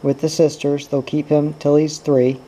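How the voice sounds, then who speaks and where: A man's voice: a little high, level tone, normal speed, dark tone, lightly acted, poor audio. A man reading the lines of a bitter, guarded young mother, with curt, cutting replies. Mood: cold.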